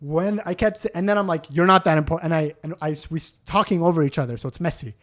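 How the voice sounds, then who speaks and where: A man co-hosting a podcast, telling a story in a casual, animated way with lots of "dude" and "like". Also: fairly high pitch, fast talker. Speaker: podcast host.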